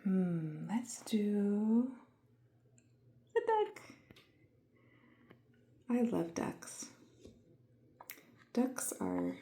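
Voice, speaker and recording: A woman giving a calm, gentle lesson to small children, speaking softly and often half-whispering, and playfully imitating animal sounds. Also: mid-range voice, extremely slow, vocal fry, long pauses. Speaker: children's educator.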